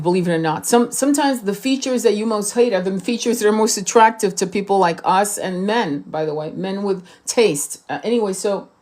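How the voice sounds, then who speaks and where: A woman who reads tarot and twin flames, talking to camera in a blunt, profane and emphatic way and repeating herself for stress. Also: mid-range voice. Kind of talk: casual monologue to camera.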